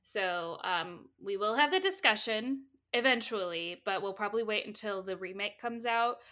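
A woman co-hosting a podcast in casual chat, giggly and animated when excited. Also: mid-range voice, moderate pace. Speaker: podcast co-host.

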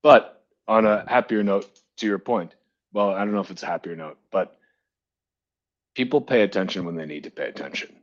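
A deep-voiced man co-hosting a live online audio chat, ranting with emphatic conviction and plenty of swearing. The sound comes through a dull, lo-fi connection. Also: normal speed. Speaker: podcast co-host.

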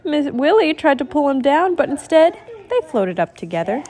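A woman reading a picture book aloud, expressive and doing sound effects while explaining to a child. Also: high-pitched, moderate pace. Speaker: storybook reader.

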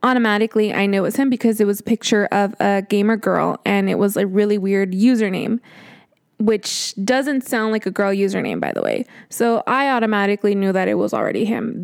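A woman in her late twenties, hosting a podcast and telling a story in casual chat. She talks in an animated way, swears freely and acts out exasperated quotes. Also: mid-range voice, brisk, creaky. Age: 20s. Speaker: podcast host.

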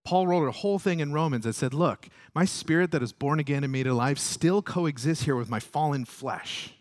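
A male pastor preaching a sermon, climbing loud and high when stirred, then dropping low and soft, and acting out prayers and quoted voices. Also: moderate pace, hardly any pauses, dry recording, studio quality.

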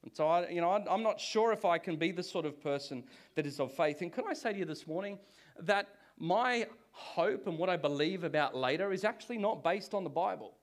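A man, a pastor, preaching a sermon in church with animated, conversational delivery and frequent restarts. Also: high-pitched, brisk.

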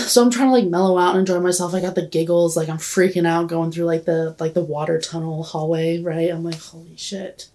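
A young woman in her twenties, a podcast guest, spins a long story in casual conversation, rambling, giggling, and saying "like" constantly. Her voice is fairly low, steady, brisk, and mellow.

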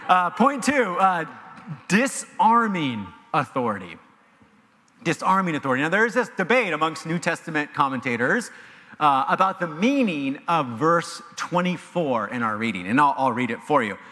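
A pastor preaches from the pulpit with animated emphasis, at a moderate pace. His voice is a little high and bright, with wide rises and falls. The large church sanctuary leaves a long reverb trailing behind him.

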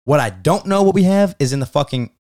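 A man's voice: on the high side, animated, a little fast, a little mellow. A man co-hosting a casual sports podcast, giving emphatic, profane opinions on football. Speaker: podcast co-host.

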